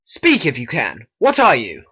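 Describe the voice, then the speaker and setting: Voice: mid-range voice, huge pitch swings, measured pace, pushed and bright, breathy edge, full character voice. A hobby voice actor voicing a wary young nobleman in a homemade stop-motion play, with a raised, questioning delivery. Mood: amazed. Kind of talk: homemade animation voice acting.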